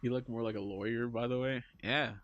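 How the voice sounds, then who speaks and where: A man streaming casually, reading chat aloud and answering in an animated, joking way. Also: medium pitch, fairly quick, highs cut off.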